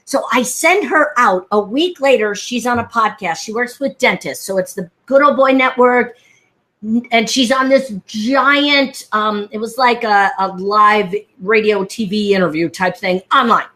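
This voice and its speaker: Speaking into a headset mic during a live video call, a woman speaking coach rattles off lively stories at speed. Whenever she quotes someone, she acts them out in a high voice, keeping the chat animated.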